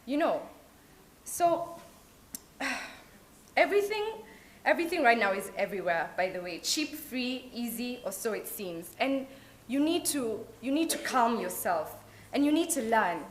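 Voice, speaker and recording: Young Kenyan woman, animated motivational speaker, slightly high voice, faint background noise. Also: a little slow. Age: young adult. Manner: lively, mixes in Swahili phrases. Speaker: alumna speaker. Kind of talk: motivational talk. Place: event hall at an open day.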